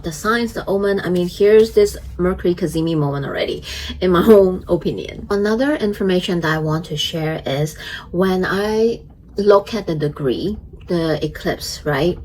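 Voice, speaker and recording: A woman giving a casual astrology forecast and tarot reading, gentle and chatty, with many fillers and frequent giggles. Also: fairly low pitch, a little hiss or hum, rough recording. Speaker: astrologer and tarot reader, channel host.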